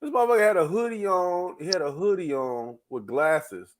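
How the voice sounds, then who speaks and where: A man with a notably high speaking voice chimes in as a guest, chuckling and needling along in easygoing conversation. His remarks come in quick, offhand bursts. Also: lively intonation, crowd noise. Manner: chuckling, egging the host on. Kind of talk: casual chat.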